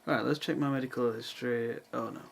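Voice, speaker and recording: A man's voice: medium pitch, fairly even intonation, fairly quick, vocal fry, slight background noise, rough recording. A young man chatting casually into his camera at his parents' country house, making dry, self-mocking asides. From England. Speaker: vlogger. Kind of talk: casual vlog chat.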